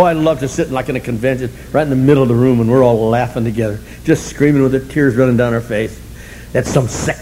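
An older man with a dark, medium-pitched voice addresses a recovery meeting, telling his story bluntly and in colorful language. He's wry and self-mocking, chuckling often, and the low-quality recording has slight background noise.

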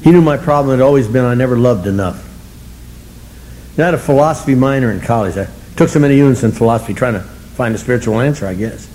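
Speaking quickly in a medium-pitched, darkish voice, this older man addresses a recovery meeting with blunt, colorful language. His humor is wry and self-mocking, and he chuckles a lot as he goes. Expect some hiss or hum on a rough recording.

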